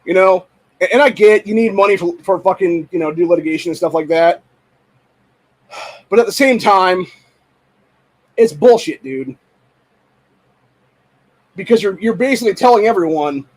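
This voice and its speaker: A young man from Ohio hosting a show, ranting angrily and profanely, often shouting. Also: sits high, expressive, normal speed, long pauses, low-quality recording. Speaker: podcast host. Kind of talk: angry political rant.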